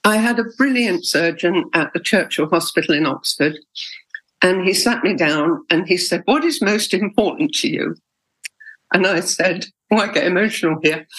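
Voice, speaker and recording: A woman's voice: on the low side, moderate pace, fairly bright tone, breathy edge, rough recording. A middle-aged woman, telling her own story in an interview, candid and emotional, with hesitations. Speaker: interviewee, patient. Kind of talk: personal interview.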